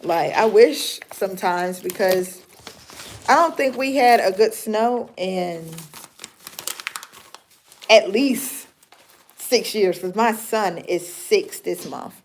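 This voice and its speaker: A talkative woman, in her thirties, chatting loosely with her livestream viewers. Her voice sits at an ordinary middle pitch, and she laughs easily between thoughts. The tone stays relaxed and conversational. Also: takes it slowly, long pauses, slight background noise. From North Carolina. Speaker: livestream host. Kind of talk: casual livestream chat with viewers.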